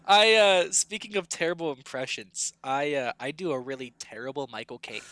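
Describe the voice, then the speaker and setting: A man's voice: a little high, moderate pace, pushed and bright. A man co-hosting a podcast in casual chat, rambling and leaning on lots of filler words.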